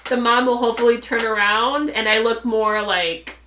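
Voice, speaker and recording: A woman's voice: steady tone, normal speed, bright, forceful tone. A young adult woman co-hosting a podcast, blunt and profane in casual chat. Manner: blunt and swears freely, acts out voices in high squeals. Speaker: podcast co-host. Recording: echoey room.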